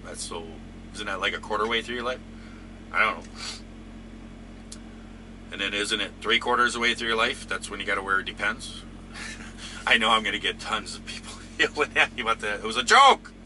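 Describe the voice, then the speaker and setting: A man's voice: lowish voice, background noise. A man hosting a trucking channel, chatting casually and rambling through viewer comments with lots of fillers.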